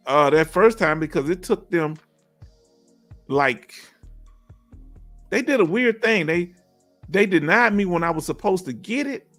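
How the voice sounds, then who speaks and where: High-voiced man hosting a livestream. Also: fairly bright tone. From Houston, Texas. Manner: folksy, encouraging, reads viewer comments aloud. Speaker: livestream host. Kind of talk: casual livestream chat. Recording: faint music behind.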